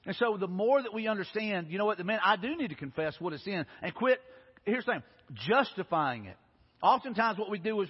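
A man's voice: sits high, lively intonation, fast talker, breathy edge. A male pastor, preaching a sermon in an earnest way, often restarting and repeating words. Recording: dull recording in a reverberant hall.

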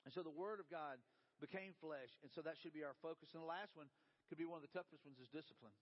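A pastor delivers his sermon at a quick clip in a folksy, storytelling manner. His voice sits a bit high for a man and rings through a church sanctuary with long reverb. The sound is somewhat dull and muffled. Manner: folksy storytelling, drops into a soft low voice for quotes.

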